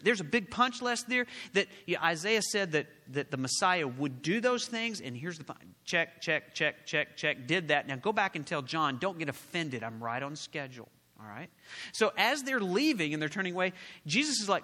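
A man preaching a sermon to a congregation, animated, often asking them questions and waiting for answers. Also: on the high side, normal speed. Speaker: pastor. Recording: long hall reverb.

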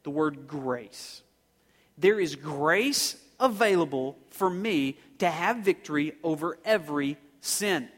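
A man preaching a sermon as pastor, animated, shouting some words for emphasis and slowing down to stress others. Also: fairly high pitch, long reverb tail.

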